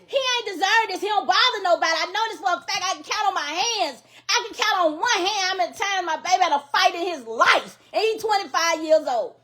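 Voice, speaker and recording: A grieving middle-aged mother from Louisiana, her voice strikingly high and sharply bright. She pleads and scolds in emphatic, repetitive bursts, raw with anger and grief. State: grieving and angry. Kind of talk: impassioned public plea.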